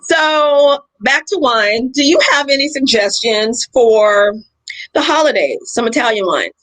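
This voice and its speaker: Bubbly high-voiced woman host. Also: measured pace, low-quality recording. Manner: bubbly, laughing, animated. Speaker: livestream host. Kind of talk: casual livestream chat. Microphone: video call.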